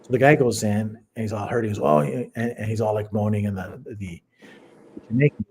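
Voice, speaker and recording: A man's voice: lowish voice, steady tone, fast talker, mellow, a little hiss or hum. A man co-hosting a casual podcast chat, a rambling storyteller who stops and restarts often. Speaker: podcast co-host.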